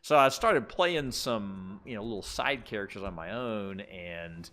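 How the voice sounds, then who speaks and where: A man with a lowish, fairly bright voice gives rambling, laid-back let's-play commentary as he plays a video game. He's expressive and unhurried, chuckling often.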